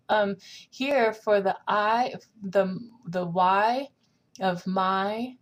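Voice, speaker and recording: Unhurried woman coaching singing. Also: mid-range voice. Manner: explains slowly, demonstrates lines by singing them. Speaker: vocal coach. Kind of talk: singing lesson.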